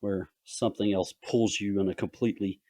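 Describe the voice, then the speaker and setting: A Southern man talks shop on a podcast with a relaxed drawl. His voice sits a little low and the sound is dry and close. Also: a little fast, no room sound. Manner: drawling, rambling storyteller. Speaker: podcast host, author. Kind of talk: casual podcast chat.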